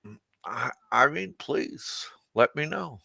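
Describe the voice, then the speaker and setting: A man's voice: medium pitch, lively intonation, slow, creaky, pushed and bright, breathy edge, no echo. A man hosting an unscripted livestream rant, crude and mocking, laughing at his own jokes. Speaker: livestream host.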